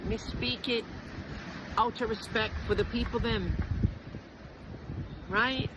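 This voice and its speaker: High-voiced Canadian woman chatting in patois. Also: slow pace, background noise. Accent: Canadian, speaking learned Jamaican patois. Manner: playful, chatty, mixing in patois phrases. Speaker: vlogger. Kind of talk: casual outdoor vlog. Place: outdoors at a beach.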